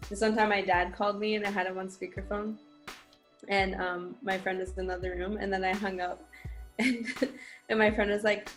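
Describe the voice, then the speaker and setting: A woman's voice: mid-range voice, moderate pace, faint music behind. Young woman telling stories, laughing often. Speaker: podcast co-host. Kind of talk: casual storytelling chat.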